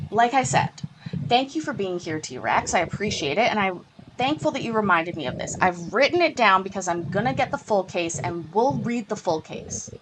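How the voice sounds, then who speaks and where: A woman hosting a casual livestream, chatting and reading a news article aloud with asides. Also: medium pitch. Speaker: livestream host. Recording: noisy home stream with clicks.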